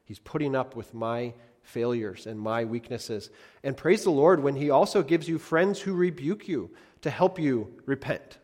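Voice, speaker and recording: A man preaching a sermon as a pastor, earnest, often repeating phrases for emphasis and swinging between loud and soft. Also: mid-range voice, animated, a little slow, big-room sound.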